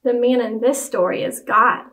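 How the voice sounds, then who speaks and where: A woman voicing a kind elderly grandmother who speaks calmly and kindly, in a church storybook reading. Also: a little high, moderate pace, recorded from a distance, lightly acted.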